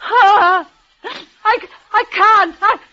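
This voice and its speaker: An actress voicing a dying, devoted young woman in an old radio drama, speaking in breathless, halting, emotional bursts. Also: extremely high pitch, bright, forceful tone, exaggerated voice. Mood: frantic. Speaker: leading lady in a radio play. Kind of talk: 1940s radio acting. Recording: dull lo-fi old radio recording.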